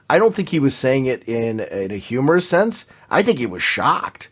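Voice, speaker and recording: A man's voice: mid-range voice, animated, a little fast, breathy edge. A man co-hosting a podcast in casual chat, emphatic and enthusiastic, often repeating his points. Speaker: podcast co-host.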